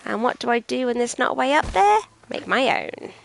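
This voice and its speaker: A woman's voice: a little high, sing-song, fairly quick, vocal fry, a little hiss or hum, poor audio. Chatty British woman streaming a game. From Britain. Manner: chatty, rambling and self-mocking. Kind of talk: casual gameplay commentary.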